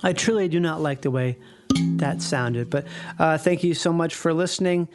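Loud music plays behind this man's fairly high voice as he talks at a moderate pace. He hosts his own podcast solo, rambling casually, swearing freely, and laughing between phrases.

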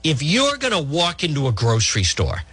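Husky-voiced, animated male talk radio host. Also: on the high side, normal speed, no room sound. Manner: blunt, animated, rambling with restarts. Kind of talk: opinionated political talk radio.

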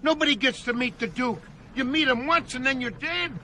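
A man's voice: very high voice, a little fast, pushed and bright, slight background noise, poor audio. An actor playing a cheerful, talkative older male cab driver who laughs often, heard as a film clip. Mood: jolly. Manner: laughing, garrulous, folksy. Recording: film clip with music underneath.

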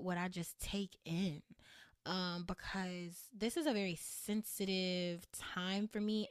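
A woman's voice: medium pitch, no room sound, studio quality. A woman hosting her own podcast in a candid solo monologue, blunt and emphatic, repeating phrases for punch and swearing casually. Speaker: podcast host.

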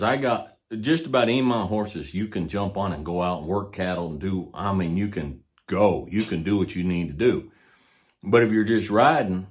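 A man's voice: low voice, normal speed. An older man who trains horses, hosting a casual monologue in a folksy, plainspoken way and repeating points for emphasis. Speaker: podcast host, rancher and horse trainer.

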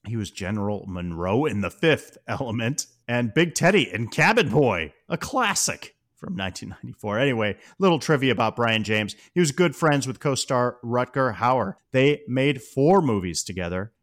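Man, podcast co-host, casual chat, chatty, mid-pitched voice, goes off on tangents. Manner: chatty, prone to personal tangents.

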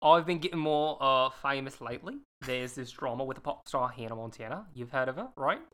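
A woman's voice: rumbling low, animated, brisk, fairly bright tone. A woman voicing a blunt, self-centred teenage Australian girl pop star in a put-on Australian accent, read aloud from a book.

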